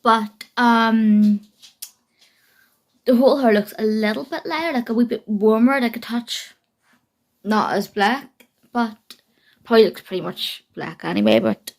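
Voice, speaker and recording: A young woman with a creaky voice on the high side chats casually at home for her beauty vlog. She rambles, pokes fun at herself and uses lots of fillers.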